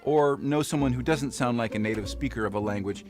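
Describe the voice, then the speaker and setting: A man narrating an educational explainer clip in a clear, engaging scripted style. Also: medium pitch, brisk. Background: background music.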